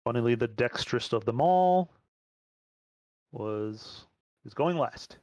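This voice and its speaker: A man's voice: medium pitch, expressive, slow, a little mellow, dry recording, dull audio. A man running a tabletop game as game master, making plain rules calls with a few fillers.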